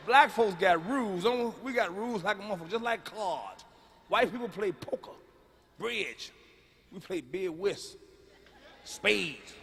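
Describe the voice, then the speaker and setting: A man performing a stand-up comedy set, talking in a loud, profane way with hollering bursts. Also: high voice, expressive, unhurried, creaky, pauses often. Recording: live hall reverb with faint room noise.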